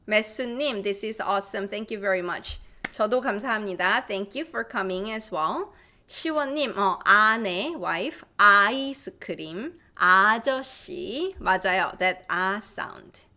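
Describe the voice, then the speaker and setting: A woman's voice: mid-range voice, animated, quick pace, sharp tone. A woman with a Korean accent teaching Korean vowels in a live online class, reading viewer comments aloud and drilling each sound by repeating it. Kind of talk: live-streamed language lesson.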